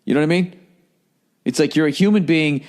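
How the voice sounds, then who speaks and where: A man's voice: fairly high pitch, brisk, a little mellow. A middle-aged man, a comedian and podcast host, telling a rambling, profane comic story in casual chat.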